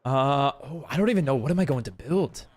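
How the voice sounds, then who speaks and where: A man's voice: medium pitch, expressive, fairly quick, darkish tone. A young man streaming a game live, chatting away and reading out and reacting to viewers' messages. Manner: chatty, reads chat aloud and reacts. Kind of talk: live-stream chat while gaming.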